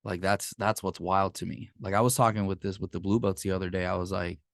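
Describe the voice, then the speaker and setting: Sex: man. Style: dry, animated podcast storytelling. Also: low-pitched, fast talker, no echo. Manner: animated storyteller who swears freely. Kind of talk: casual chat.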